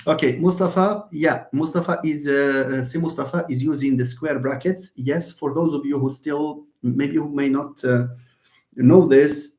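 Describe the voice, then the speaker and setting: A man's voice: mid-range voice, a little mellow. Man teaching with fillers. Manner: hesitant, many fillers and restarts, chuckles often. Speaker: university linguistics professor. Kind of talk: live-stream lecture answering chat comments. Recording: echoey room.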